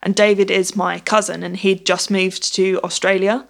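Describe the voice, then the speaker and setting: A woman's voice: medium pitch, little pitch movement, moderate pace, gravelly. A woman telling a personal story in casual conversation, acting out the dialogue as she goes. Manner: chatty, acts out dialogue with "I was like".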